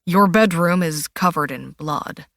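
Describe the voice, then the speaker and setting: A woman voicing a steady male detective who asks measured questions in a lowered, firm voice. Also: dry recording, studio quality. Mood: probing. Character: steady male detective, polite then sharp.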